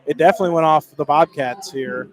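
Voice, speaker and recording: A man calling high school basketball play-by-play, rapid and excitable, climbing higher on big plays. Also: a crowd in the background. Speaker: play-by-play announcer.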